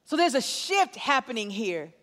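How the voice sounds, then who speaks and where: A woman preaching a sermon in an animated, conversational way, repeating her points for emphasis. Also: fairly high pitch, normal speed. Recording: long hall reverb.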